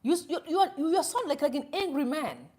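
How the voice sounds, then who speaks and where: A woman's voice: sits high, very animated, fairly quick, darkish tone. A woman from Zimbabwe, hosting a live stream with opinionated commentary and acting out both sides of a conversation as she tells a story. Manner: mixes Shona phrases into English.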